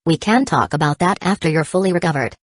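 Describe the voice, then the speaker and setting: A calm, blunt young man speaks with steady, matter-of-fact certainty, voiced by a woman reading an audiobook. The voice is low and even. It is recorded dry and close. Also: fast talker, breathy edge, dry recording.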